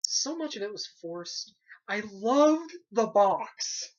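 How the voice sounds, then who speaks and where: A young man hosting a casual movie review chat, animated and sarcastic, swearing casually as he picks a film apart. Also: sits high, slow pace. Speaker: movie reviewer, site host. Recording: dull lo-fi sound.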